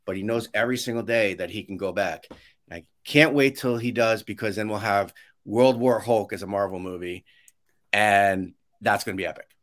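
On a video call from a home office lined with shelves, a man with a lowish voice speaks at a moderate pace as a podcast guest, an education consultant. He's an animated storyteller who keeps restarting his sentences and acts out what other people said.

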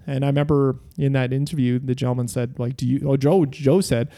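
A man's voice: mid-range voice, fairly even intonation, a little fast, creaky, dark tone. A man in casual podcast chat, telling rambling, profane stories with lots of fillers.

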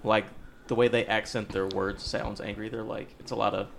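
A man in a casual group chat, quick and matter-of-fact. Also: fairly low pitch, flat delivery, creaky, slight background noise.

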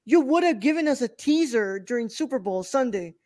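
A man's voice: very high-pitched, expressive, brisk, a little mellow, dry recording, clean studio sound. A male podcast co-host in casual chat, talking bluntly and swearing often.

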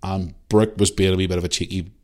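A man in his thirties hosting a casual podcast, telling a story in an animated, ranting way and swearing freely. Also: sits low, fast. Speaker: podcast host.

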